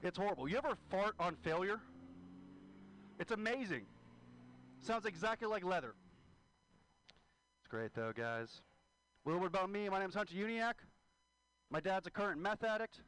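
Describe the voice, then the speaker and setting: A man's voice: high-pitched, lively intonation, normal speed, long pauses, fairly bright tone, low-quality recording. A man doing a stand-up comedy set, profane and self-deprecating.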